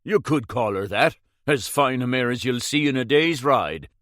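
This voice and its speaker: Man playing proud publican, hearty, loud, excited, dry sound. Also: mid-range voice, normal speed, no room sound, lightly acted. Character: eager Irish male village publican, proud.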